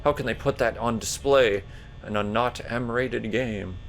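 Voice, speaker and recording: A man doing casual gameplay commentary, rambling and jokey, a bit burpy as he talks, jumping to loud high yelps when startled. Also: measured pace, slight background noise. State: burpy while talking. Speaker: let's player.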